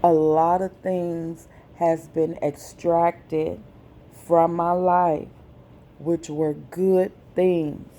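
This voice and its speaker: A woman vlogger, speaking slowly and with feeling in a personal message to her viewers. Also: fairly low pitch, flat delivery, warm tone. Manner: slow, deliberate, emotional.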